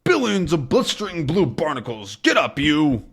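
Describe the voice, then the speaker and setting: A man voicing an angry, blustering male sea captain from a comic, shouting out oaths. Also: a little high, wildly swooping pitch, normal speed, gravelly, slightly rough, voice pushed up, full character voice. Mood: furious. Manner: blustering, exclamatory.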